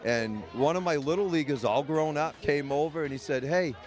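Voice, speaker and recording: An American man who is both a medical cannabis caregiver and a patient tells his own story candidly in an interview. He's blunt and profane, rambling and restarting. His voice sits on the high side and is a little mellow, at a moderate pace.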